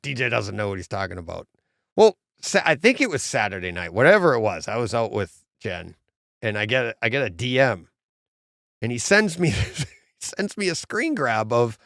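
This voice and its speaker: A man's voice: mid-range voice, big pitch swings, moderate pace, creaky, fairly bright tone, dry recording, clean studio sound. A man co-hosting a podcast, telling stories animatedly, mimicking people and laughing often. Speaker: podcast co-host. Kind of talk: casual chat.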